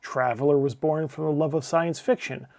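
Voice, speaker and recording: A middle-aged man reads his own scripted movie review as the host of his channel, slightly high in pitch. He is blunt and profane, tossing off wry asides as he goes. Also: steady tone, moderate pace, creaky, darkish tone. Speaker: channel host, game publisher. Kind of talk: scripted opinionated film review.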